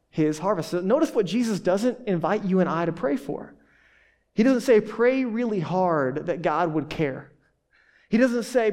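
A man preaching a sermon to a congregation as pastor, speaking in an animated, conversational way with emphatic repetitions. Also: high voice. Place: church hall.

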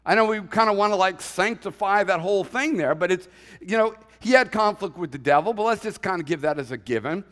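A man's voice: sits high, expressive, a little fast, a bit bright. A man preaching a sermon as pastor, conversational and joking, acting out quotes as he goes. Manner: conversational preaching with humorous asides and acted quotes. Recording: long hall reverb.

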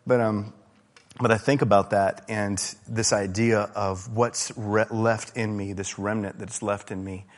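A man preaching a relaxed, conversational sermon as a pastor, often saying "man" and getting animated. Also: on the low side, unhurried. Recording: reverberant hall.

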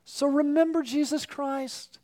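A man's voice: very high voice, fairly even intonation, measured pace, mellow. A man preaching a sermon, earnest and personal, often putting questions to his listeners.

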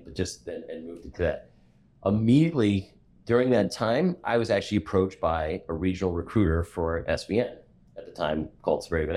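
A middle-aged man, a commercial real estate broker, telling stories from his career in a relaxed interview. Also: low-pitched. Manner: animated storyteller who acts out the people he quotes. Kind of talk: storytelling in a conversational interview.

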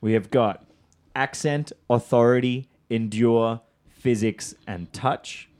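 A man's voice: medium pitch, fairly even intonation, slow pace, a little mellow, clean tone. A man hosting a podcast, leading a casual, upbeat brainstorm with his guests. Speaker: podcast host. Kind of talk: casual chat.

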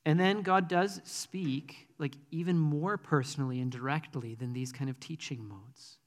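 A man's voice: on the high side, moderate pace, big-room sound. A man preaching a sermon in a conversational, earnest way, with frequent ums. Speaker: pastor.

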